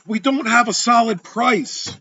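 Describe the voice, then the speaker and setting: A man's voice: very high-pitched, measured pace, bright, forceful tone, husky, no echo, muffled recording. A man hosting a real estate podcast, telling a story as a monologue and acting out both sides of a heated argument.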